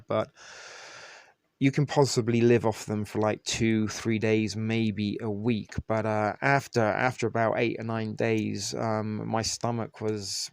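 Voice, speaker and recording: A man's voice: lowish voice, creaky, clean tone. A man hosting a live stream, chatting casually and rambling to his viewers, answering their comments with plenty of fillers, restarts and the odd swear word. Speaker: livestream host.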